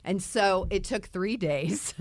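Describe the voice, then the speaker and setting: A middle-aged woman, a podcast guest, telling her story in a casual, animated chat, laughing now and then. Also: mid-range voice, takes it slowly, dry recording.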